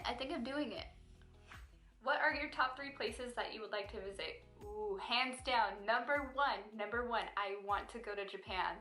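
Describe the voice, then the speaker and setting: A woman's voice: on the high side, sharp tone. A young woman chatting expressively and playfully as she answers questions in a casual Q&A vlog. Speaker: vlogger. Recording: echoey room with faint music.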